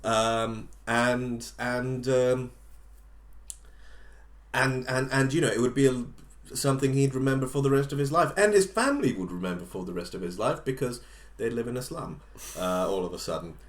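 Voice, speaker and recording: A man's voice: medium pitch, normal speed. Guy rambling through a funny story on a podcast, lots of ums, echoey room. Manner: rambling, lots of fillers and restarts, jokey asides. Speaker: podcast co-host. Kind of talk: casual comedic storytelling. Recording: roomy echo.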